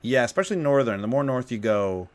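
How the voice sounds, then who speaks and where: A man's voice: mid-range voice, expressive, fast talker. Rambling, chuckling man co-host. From Canada. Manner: rambling, laughs often, says like and you know. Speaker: podcast co-host. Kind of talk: casual chat.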